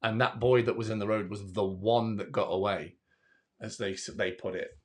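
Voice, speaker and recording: A man with a lowish voice talks through a horror film on a casual podcast. He is earnest and stumbles over restarts, sometimes acting out what the characters say. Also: fairly even intonation, moderate pace. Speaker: podcast guest, horror reviewer.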